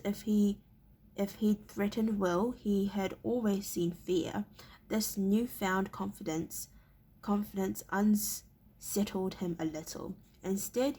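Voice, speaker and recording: Woman narrator reading a novel, slow and halting, gravelly husky voice, stumbles often. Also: mid-range voice, darkish tone. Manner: halting, stumbling and repeating words. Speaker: reader.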